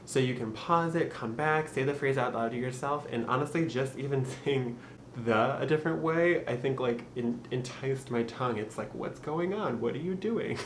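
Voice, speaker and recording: An upbeat young man with a Michigan accent talks through a casual pronunciation tutorial at a medium pitch. He laughs easily and slows right down when he demonstrates practice phrases. His voice bounces around an echoey room with a faint hum of noise behind it. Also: a bit bright. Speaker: YouTube host teaching accents.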